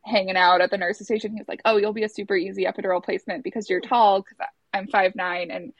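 A woman in her thirties telling a personal story in casual conversation, talking fast and loose with lots of "like" and acting out what others said. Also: medium pitch, fairly even intonation, gravelly, no room sound, muffled recording. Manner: chatty, many filler "like"s, acts out quotes.

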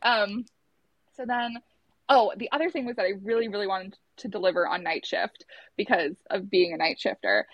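A woman's voice: mid-range voice, moderate pace, dry recording, lo-fi sound. A young adult woman, a labor and delivery nurse, casually telling her birth story in a chatty way. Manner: chatty, acts out quotes in a raised voice.

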